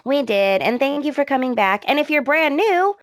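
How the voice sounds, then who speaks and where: Lively-voiced woman cracking wry jokes. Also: sits high, normal speed, no room sound. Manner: dry wisecracks between the recap. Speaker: podcast co-host. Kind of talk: casual chat recapping a soap opera.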